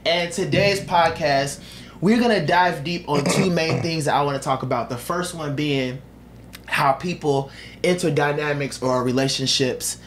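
A man's voice: on the high side, measured pace, a bit bright, a little hiss or hum. Slangy enthusiastic male podcast host. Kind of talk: casual podcast talk.

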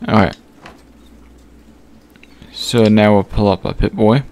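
Man, low voice, unhurried, casual game commentary, thinking out loud. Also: fairly even intonation. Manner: thinks aloud while sorting items, many pauses and fillers. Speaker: gaming channel host.

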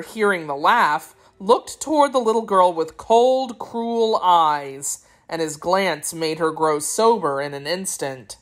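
A woman reading a children's storybook aloud as an audiobook narrator, with expressive delivery. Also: medium pitch. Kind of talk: scripted narration.

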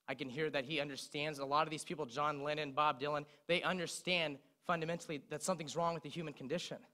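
A young man preaching a sermon, retelling song lyrics as he speaks. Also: medium pitch. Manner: recites song lyrics in a speaking voice, lively storytelling.

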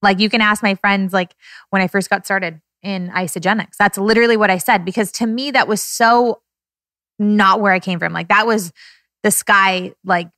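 Woman, 30s, podcast host, teary and effusive, mid-pitched, dry studio sound. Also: fairly even intonation, normal speed, fairly bright tone, dry recording. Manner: heartfelt, tearful, effusive. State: close to tears. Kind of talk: emotional casual podcast talk.

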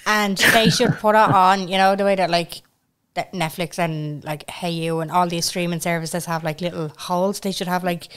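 A woman hosting a podcast, pitching ideas enthusiastically and trailing off mid-thought. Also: steady tone, normal speed, smooth. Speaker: podcast host. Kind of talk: casual podcast chat.

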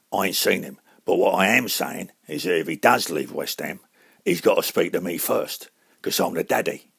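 A man voicing a gruff, menacing tough-guy actor with a Cockney London accent, talking low and slow. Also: a bit bright, dry recording, studio quality, heavily acted.

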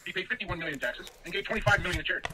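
A man's voice: high-pitched, rapid-fire. A man in his fifties in a voice chat argument, mocking and lecturing. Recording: noisy voice chat line.

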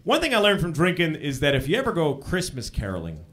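Male stand-up, thirties, slightly high voice, dry self-mocking delivery, handheld mic in a live club. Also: fast talker. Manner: deadpan, self-mocking, profane. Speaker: stand-up comedian. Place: comedy club stage with audience. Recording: live club recording with crowd laughter.

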